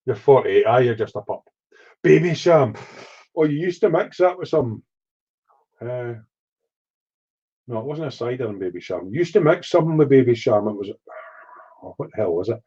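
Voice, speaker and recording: A man's voice: mid-range voice, lively intonation, normal speed, pauses often, dark tone, breathy edge, dull audio. A middle-aged man from Edinburgh with a Scottish accent, chatting casually and reading out chat on a live stream. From Scotland. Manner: swearing, rambling storyteller reading chat aloud.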